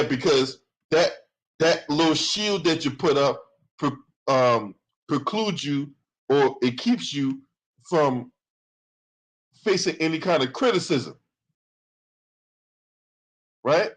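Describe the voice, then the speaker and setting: A man's voice: on the high side, low-quality recording. A man hosting a commentary channel, reading from a lawsuit and breaking into profane, sarcastic rants.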